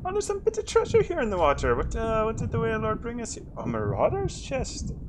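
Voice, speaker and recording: A man's voice: very high voice, huge pitch swings, a little fast, noisy background. A man streaming a pirate game as captain, laughing often and giving playful pirate-style orders. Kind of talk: casual gameplay commentary. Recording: loud game sounds behind.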